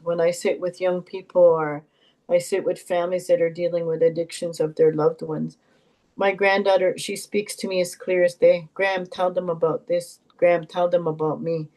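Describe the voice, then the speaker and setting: An older woman, an Elder from Canada, sharing heartfelt stories and teachings in a gentle, reflective way with pauses and repetitions. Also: lowish voice, rough recording. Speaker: Elder and knowledge keeper.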